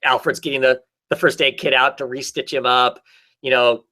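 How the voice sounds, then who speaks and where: A man's voice: mid-range voice, flat delivery, normal speed, bright, forceful tone. A man in a casual chat, rambling through a comic story with lots of fillers and restarts. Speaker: podcast co-host.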